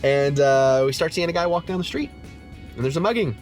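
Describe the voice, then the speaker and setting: An enthusiastic man talks through a movie in a quick, eager rush, laughing and swearing casually as he geeks out. Faint music plays behind him. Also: a little high, lively intonation, a little mellow. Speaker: movie review host. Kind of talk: excited casual movie chat.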